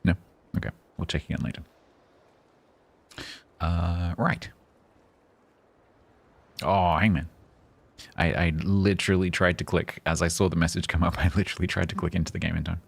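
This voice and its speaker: A man's voice: low voice, fairly even intonation, a little fast, creaky, long pauses, husky. A man streaming a game live, chatting casually in a rambling, self-mocking, joking way.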